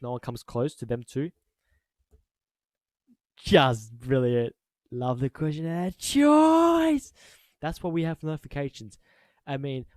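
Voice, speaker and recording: A man making a football reaction vlog, excitable, repeating his exclamations and laughing loudly. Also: medium pitch, no echo. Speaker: football fan YouTuber.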